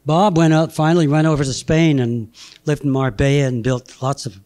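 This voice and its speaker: A man in his eighties giving a halting, anecdotal slide talk, chuckling between memories. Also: on the high side, fairly even intonation, darkish tone. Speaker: guest speaker presenting slides. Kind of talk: anecdotal lecture.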